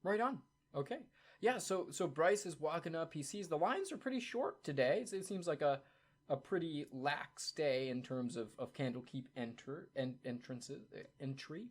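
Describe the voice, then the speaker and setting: A man's voice: fairly high pitch, animated, moderate pace. Upbeat, chatty male game master. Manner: upbeat, chatty, many fillers. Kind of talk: narrating a tabletop game.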